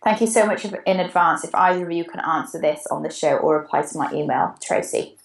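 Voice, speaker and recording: A woman's voice: sits low, a little fast, gravelly, echoey room, poor audio. A Welsh woman co-hosting a podcast, chatting casually and reading out a listener's question, with a digressive manner. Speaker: podcast co-host.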